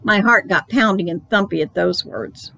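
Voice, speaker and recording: Library storytime lady reading a kids book, playful, kinda gravelly. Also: mid-range voice, moderate pace, pushed and bright, rough recording. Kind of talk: children's book read-aloud.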